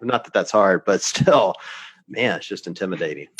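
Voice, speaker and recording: A man's voice: sits low, animated, normal speed, husky. A man co-hosting a podcast in casual chat, with self-deprecating jokes.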